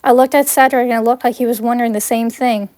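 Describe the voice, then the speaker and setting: A woman reading her own fan fiction aloud in first person, plain and earnest. Her voice sits a bit high. The sound is dry and close, with no room echo. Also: steady tone, fast, darkish tone.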